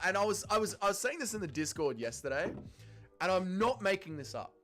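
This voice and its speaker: A man's voice: high voice, big pitch swings, fairly quick, fairly bright tone, faint music behind. A young Australian man hosting a casual fight-night watch-along, swearing freely and reading chat aloud. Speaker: livestream host.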